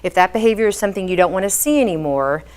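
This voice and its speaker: A woman's voice: mid-range voice, animated, rapid-fire, a little mellow. Woman behavior specialist, instructional talk for parents, patient and explanatory. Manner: patient, explanatory, frequent "um" fillers.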